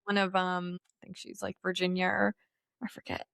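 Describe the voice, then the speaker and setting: This podcast co-host, a woman, talks casually at a normal speed in a lowish voice with vocal fry. She swears, laughs often, and acts out quotes in an animated way, captured in studio quality with no room sound.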